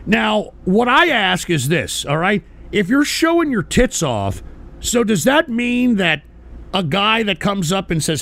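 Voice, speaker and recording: Give me a gravelly male radio host on a furious, cursing rant, his pitch jumping all over. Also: sing-song, measured pace. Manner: profane, angry, shouting bursts. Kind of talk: ranting monologue.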